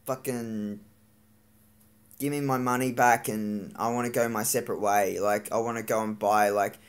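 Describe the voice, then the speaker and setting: A vlogger venting in a live-streamed rant, frustrated and swearing, with lots of halting fillers and restarts. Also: mid-range voice, fairly even intonation, clear, resonant tone.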